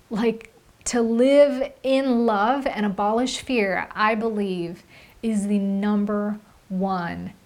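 A young woman hosting a reflective personal monologue, earnest and heartfelt, often filling with "like". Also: mid-range voice. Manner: earnest, heartfelt, with frequent "like" fillers. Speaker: podcast host.

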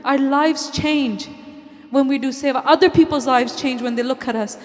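Earnest high-voiced woman in a hall. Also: fairly even intonation, moderate pace. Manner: earnest and heartfelt, slips Punjabi phrases into English. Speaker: speaker at a Sikh community event. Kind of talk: inspirational talk to a congregation. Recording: long hall reverb.

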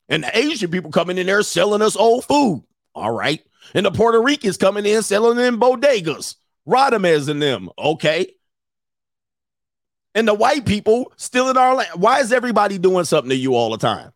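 A man's voice: high voice, sing-song, moderate pace, gravelly, dry recording, studio quality. A man, scolding and mocking in a ranting commentary monologue, laughing often. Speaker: commentary host.

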